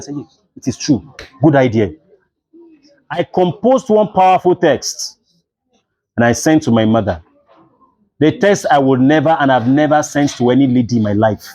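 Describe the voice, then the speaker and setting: A man's voice: medium pitch, normal speed, pauses often. A young adult man with a Nigerian English accent, a literature teacher lecturing a class and acting out the voices in his stories. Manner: animated storytelling, acts out dialogue.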